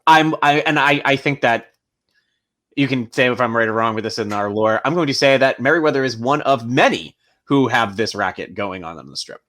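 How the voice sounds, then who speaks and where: A man's voice: mid-range voice, a little fast, fairly bright tone. A man chatting casually as a player in a tabletop game, rambling with many restarts.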